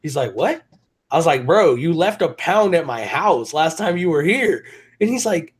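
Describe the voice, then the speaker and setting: Dude hosting a chill show, cusses a lot, laughs a ton, kinda high voice. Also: male voice, big pitch swings, moderate pace, slightly rough. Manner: swearing, laughing storyteller. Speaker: show host. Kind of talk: casual chat.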